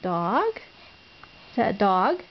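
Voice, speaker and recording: A woman's voice: mid-range voice, big pitch swings, slow. A mother coaxing her toddler in exaggerated, sing-song baby talk at home. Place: home, on a bed. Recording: dull lo-fi home video with faint noise.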